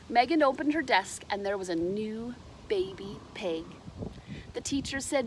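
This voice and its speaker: A woman reading a children's picture book aloud with lively, animated delivery. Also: medium pitch, a little slow, slight background noise. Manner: animated, shouts character lines, explains to children. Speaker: storybook reader. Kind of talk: children's storybook read-aloud.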